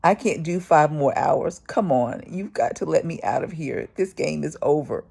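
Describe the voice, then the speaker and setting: A woman reads out a desperate man begging to be let out, raised and urgent. The voice keeps a gravelly creak and stays close to her own. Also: sits low, expressive, normal speed, dark tone, heavily acted. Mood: pleading.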